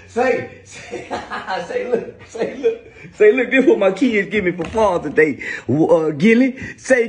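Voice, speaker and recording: High-voiced man shouting a taunting rant. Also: lively intonation, slow. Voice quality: loud, taunting, frequently shouting. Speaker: internet commentator. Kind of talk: angry mocking rant.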